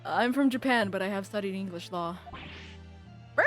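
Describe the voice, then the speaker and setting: A woman's voice: mid-range voice, normal speed, faint music behind, close to an everyday voice. A woman voicing a grumpy, blustering old man in a game. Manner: blustering, indignant.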